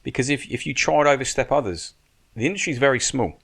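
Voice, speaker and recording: A man's voice: mid-range voice, fast talker, vocal fry, fairly bright tone, slightly rough. A man giving casual podcast advice as a guest, frank and blunt, swearing and restarting his sentences often. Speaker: stunt coordinator and military adviser, guest.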